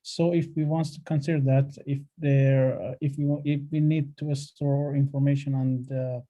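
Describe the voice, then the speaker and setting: A man on a webinar panel answering a question haltingly, with many fillers and restarts. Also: medium pitch, level tone, dull audio.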